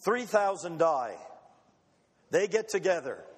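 A man preaching with a high, ringing voice that carries a long reverb tail through a large hall. He delivers a dramatic, emphatic sermon, pausing for effect and slipping into the voices of the people he quotes. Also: very animated, husky.

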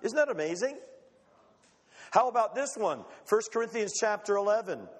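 In a large hall, a man's high, ringing voice with lively intonation trails a long reverb as he preaches. He gives a dramatic, emphatic sermon, pausing for effect and taking on the voices of those he quotes.

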